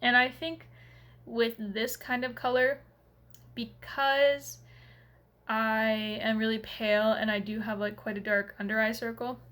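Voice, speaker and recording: Chatty woman, slightly high voice. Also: flat delivery, unhurried, a bit bright. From Canada. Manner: chatty, rambling, filler-heavy. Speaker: beauty vlogger. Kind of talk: casual makeup review.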